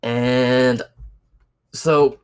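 A man's voice: mid-range voice, drawn-out words, smooth. Profane ranting man telling a story. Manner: profane, sarcastic, animated storytelling. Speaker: podcast host. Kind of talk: casual ranting monologue.

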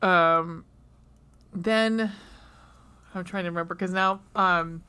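Slow, smooth, and fairly even in intonation, this woman's lowish voice still carries a bright, forceful tone. As a podcast co-host in a casual book-versus-movie discussion, she rambles, swears freely, and keeps laughing through her notes.

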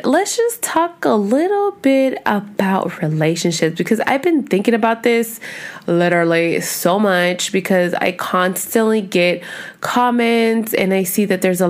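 A young woman talks loosely into her podcast mic, wandering off-topic and cussing freely. Her voice sits at a middle pitch, and her delivery is chatty and unpolished. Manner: rambling, chatty, cusses a lot. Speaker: podcast host. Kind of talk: casual chat.

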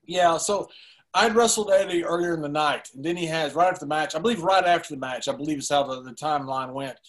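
Animated storytelling man, fairly high voice. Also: fast. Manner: animated, laughs through his story. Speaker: guest. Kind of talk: storytelling in a podcast interview.

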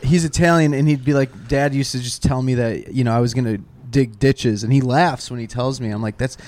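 A man's voice: medium pitch, fairly quick. Swearing rambling comedian man. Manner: swearing, rambling, animated storyteller. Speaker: comedian guest. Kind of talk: casual podcast chat.

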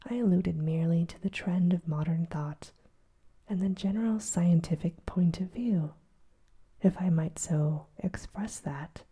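A woman's voice: fairly low pitch, unhurried, warm tone, slightly rough. A woman voicing a polite, hesitant young male journalist in a whispered role-play. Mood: earnest. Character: earnest young male Irish journalist, nervous but bold.

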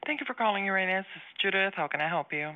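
A woman answering a shop phone, firm and curt with callers. Her pitch is ordinary. The audio is dull and lo-fi. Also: expressive, racing. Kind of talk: customer service call.

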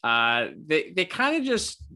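A man's voice: fairly high pitch, wildly swooping pitch, measured pace, pushed and bright. A man co-hosting a podcast who rambles chattily and laughs easily. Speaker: podcast co-host. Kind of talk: casual podcast review chat.

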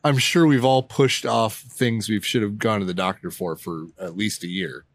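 A man's voice: on the low side, normal speed. A man co-hosting a casual podcast, chatting in an offhand, joking way. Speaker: podcast co-host. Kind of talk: casual chat.

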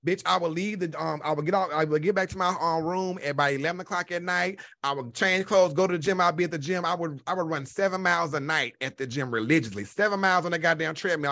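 A young man chatting casually and telling a profane, animated story, full of exclamations. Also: high-pitched. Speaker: podcast host.

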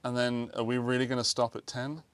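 Man, co-host, wry jokes, mid pitch, dry recording. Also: completely flat delivery, brisk, dry recording. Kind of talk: casual chat.

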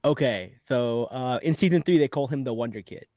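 A man hosting a podcast, chatting casually and laughing often, with quick restarts as he talks. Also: medium pitch, warm tone, no room sound, clean studio sound. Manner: laughing, joking, stammers on restarts. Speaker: podcast host. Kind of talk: casual chat.

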